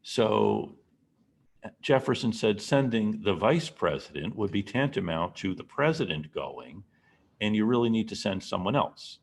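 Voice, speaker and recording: A man's voice: fairly low pitch, sing-song, measured pace, slight background noise. A man giving a classroom history lecture, telling the story and asking the class questions.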